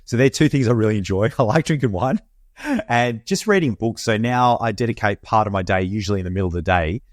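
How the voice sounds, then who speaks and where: This is an Australian man in casual podcast chat. His voice sits a bit low. He sounds laid-back and swears freely. The sound is dry and close. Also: lively intonation, fast, no echo. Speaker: podcast co-host. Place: home, Perth.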